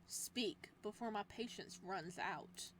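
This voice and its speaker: Girl reading as a creepy soft-spoken librarian guy, slow and sweet with a threat underneath, visual novel voice. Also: mid-range voice, a little hiss or hum. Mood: cold menace. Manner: slow, gentle, controlled, with menace beneath. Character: possessive soft-spoken male librarian captor.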